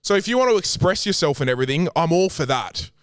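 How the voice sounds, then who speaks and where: A young Australian man hosts his podcast alone, ranting in a brash, foul-mouthed, teasing manner. His voice sits slightly high for a man. The close studio mic sounds dry, with no room around it. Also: expressive, fast talker, clear, resonant tone, no echo. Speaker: podcast host. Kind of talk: casual solo podcast rant.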